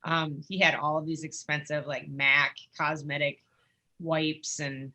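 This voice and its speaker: A woman with a low, bright-edged voice tells stories from her touring life as a podcast guest. She talks in an animated, chatty way, full of "like" and quick asides. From United States. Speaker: guest, musician and former wrestling interviewer. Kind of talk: casual interview storytelling.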